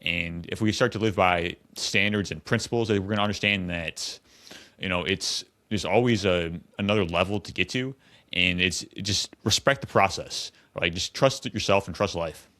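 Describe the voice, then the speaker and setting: A man's voice: low voice, normal speed, sharp tone, dry recording. A man hosting a podcast, talking reflectively and encouragingly in casual conversation. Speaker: podcast host.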